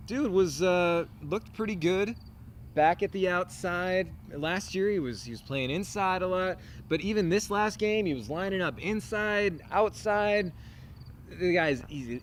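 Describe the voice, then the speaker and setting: A man with a rather high voice co-hosts a sports podcast in loose, joking chat. He swears freely and keeps things casual, over a faint background hiss. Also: animated, a little slow. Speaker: podcast co-host.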